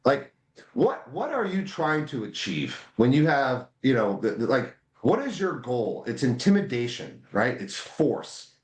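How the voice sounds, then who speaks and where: A man's voice: medium pitch, big pitch swings, unhurried. Impassioned man in an echoey room. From United States. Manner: impassioned, repeats words when pressed. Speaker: guest, voting rights advocate. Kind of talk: political interview.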